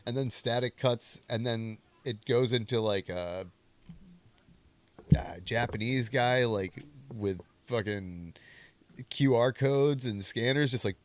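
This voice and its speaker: A man's voice: medium pitch, slow pace. A young man hosting a comedy movie podcast, rambling and joking in a self-mocking way. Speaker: podcast host. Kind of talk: casual movie commentary.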